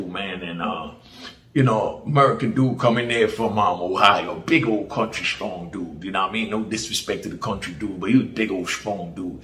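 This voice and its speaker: A man's voice: fairly low pitch, a bit bright. A middle-aged man from Jamaica with a Jamaican accent, telling his prison story in casual street slang and acting out the voices of others. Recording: roomy echo.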